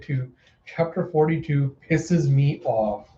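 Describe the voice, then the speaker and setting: Man reading manga aloud, casual, mellow; echoey room, dull lo-fi sound. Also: on the high side, normal speed, a little hiss or hum. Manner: plain narration with a few slips. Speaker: reader. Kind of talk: casual manga readthrough narration.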